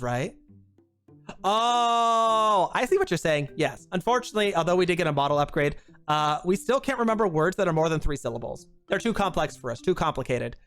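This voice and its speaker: A woman streamer chatting casually, rambling and poking fun at herself in an animated way. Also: on the low side. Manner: rambling, self-mocking, animated.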